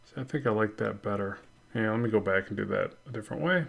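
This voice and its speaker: A man's voice: fairly low pitch, fast, vocal fry, slightly rough. A man teaching drawing in a casual tutorial, thinking aloud as he works and correcting himself often. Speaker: art instructor.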